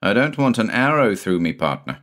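A stern but kindly country doctor, brisk when he scolds his small son and teasing the rest of the time, as a man reading aloud plays him. His voice is low, but his delivery rises and falls with lively emphasis.

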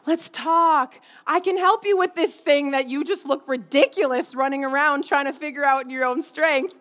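A woman preacher voicing God as a gently coaxing father, inviting his children to sit down and talk. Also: high-pitched, moderate pace. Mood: gentle coaxing.

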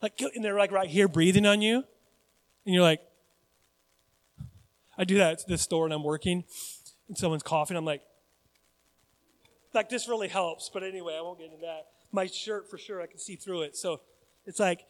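A male pastor preaching a sermon in a conversational, animated way, often putting questions to the congregation. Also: sits high, normal speed, long pauses. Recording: long hall reverb.

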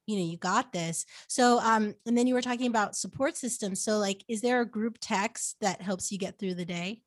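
A woman's voice: mid-range voice, moderate pace. A woman hosting a podcast interview, gushing and supportive and using plenty of fillers. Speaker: podcast host. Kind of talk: casual interview.

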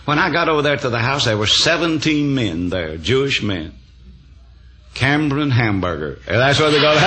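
Older preacher, man, bright voice, folksy storyteller punctuating with amens. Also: medium pitch, animated, moderate pace, slight background noise. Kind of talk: sermon storytelling.

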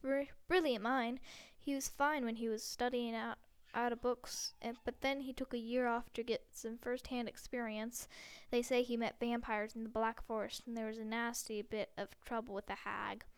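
A woman's voice: a little high, little pitch movement, moderate pace, clean tone, lightly acted. A woman voicing a huge, friendly male gamekeeper who talks in a homely, plain-spoken way.

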